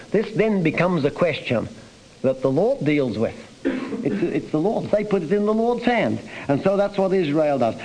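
A man's voice: a little high, darkish tone, a little hiss or hum, rough recording. A man preaching a sermon on a psalm, earnest and emphatic, reading scripture aloud between his own comments.

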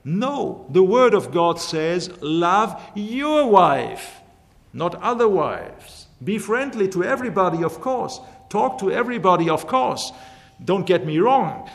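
A man preaching a sermon in a measured, emphatic way, slowly repeating his key phrases. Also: high voice, very animated, creaky. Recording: long hall reverb.

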